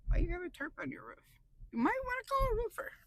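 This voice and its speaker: A woman vlogger chatting excitably while driving her car, laughing often. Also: very high voice, fast, no echo, poor audio. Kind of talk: casual chat while driving.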